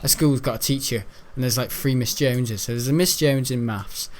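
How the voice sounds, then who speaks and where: A man's voice: mid-range voice, moderate pace, darkish tone. A young man from Britain, rambling and giggling as he tells a school story while playing a game. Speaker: gaming video host. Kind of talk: casual gameplay commentary.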